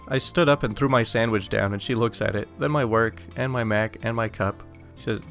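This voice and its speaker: A man's voice: medium pitch, fairly quick, fairly bright tone, soft background music. A young man narrating an online story aloud in a casual, exasperated way. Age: young adult.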